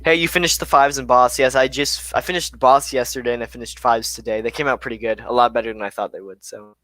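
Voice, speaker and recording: A young man hosting a live stream, reading viewer questions from the chat aloud and answering them in a relaxed, chatty way with plenty of fillers. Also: medium pitch, fast talker, dry recording.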